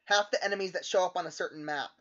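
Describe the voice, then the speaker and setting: A man in a casual podcast chat about video games, asking quick questions and pitching ideas. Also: pushed and bright. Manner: inquisitive, quick questions and suggestions. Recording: dull lo-fi mic.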